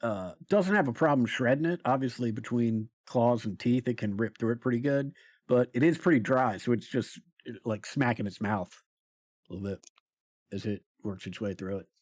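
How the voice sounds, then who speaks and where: A man narrating a tabletop role-playing game as game master, slow and hesitant with many pauses and fillers. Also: mid-range voice, no echo, clean studio sound.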